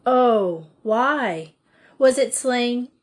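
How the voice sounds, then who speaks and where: A woman reading an audiobook, voicing an eager, excitable schoolgirl full of questions. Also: on the high side, drawn-out words, pitched above the performer's own voice.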